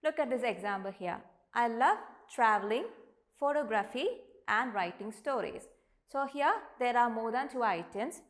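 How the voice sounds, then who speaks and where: A woman teacher with an Indian English accent, giving an online lesson and sounding out each word slowly and deliberately. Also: on the high side. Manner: slow, deliberate, models each word aloud.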